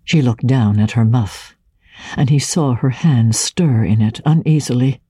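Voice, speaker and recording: A woman giving a measured, deliberate dramatic reading of a classic novel. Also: very deep voice, mellow, slightly rough, no echo, clean studio sound. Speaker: reader.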